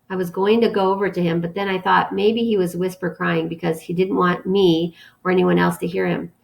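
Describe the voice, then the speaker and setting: Gravelly, low-voiced woman teacher reading aloud. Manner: calm, steady storytelling. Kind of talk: reading a novel aloud to students.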